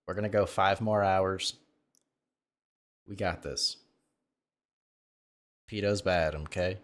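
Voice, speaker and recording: A man joking in a deadpan way while live-streaming a social VR game. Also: deep voice, slow, pauses often. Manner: deadpan, dark ironic humor.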